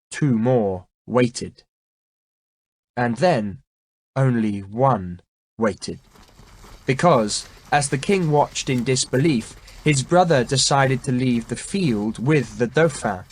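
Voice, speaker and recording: A man narrating a historical novel as an audiobook, measured and dramatic. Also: medium pitch, no echo. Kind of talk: scripted narration.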